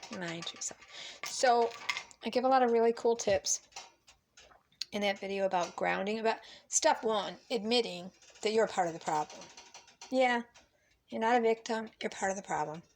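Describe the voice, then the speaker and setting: A woman's voice: a little high, normal speed, a little mellow, slight background noise. A woman talking casually while cooking at home, blunt and emphatic, cursing freely. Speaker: vlogger. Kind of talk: casual cooking vlog with opinionated talk. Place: home kitchen.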